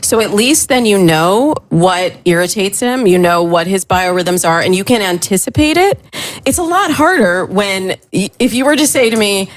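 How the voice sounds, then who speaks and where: An upbeat woman speaks as a dating coach on a talk show. She gives advice in a lively, reassuring way that keeps moving quickly. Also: medium pitch.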